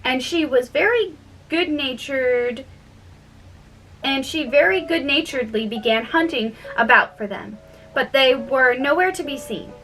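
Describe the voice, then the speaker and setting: Slow-reading woman narrator for a storybook, deliberate, distant mic with soft music under it. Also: sits high, a little hiss or hum. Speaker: audiobook reader.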